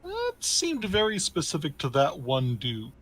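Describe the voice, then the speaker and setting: A man playing a tabletop game, talking casually in halting bursts with many fillers. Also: on the high side, wildly swooping pitch, a bit bright, rough recording. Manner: halting, lots of fillers and restarts. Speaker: player.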